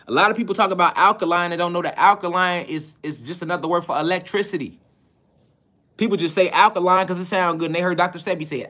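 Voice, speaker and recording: A man's voice: sits high, bright, forceful tone. Man preaching with rhetorical questions. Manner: hammers points with rhetorical questions; repeats key phrases for emphasis. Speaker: lecturer. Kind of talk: preaching-style spiritual lecture.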